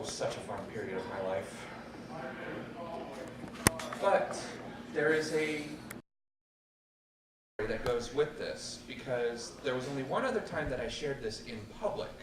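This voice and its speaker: A man telling a true personal story to a live audience, wry and animated, acting out the voices of others. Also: mid-range voice, unhurried, pauses often. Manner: animated and wry, acts out quotes. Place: stage at a public storytelling night. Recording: echoey room, distant mic, background noise.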